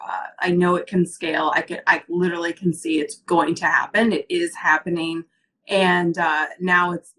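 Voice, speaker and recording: A woman's voice: on the low side, fairly bright tone. Earnest woman talking from the heart. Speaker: coaching client and business owner. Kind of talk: casual interview, personal story.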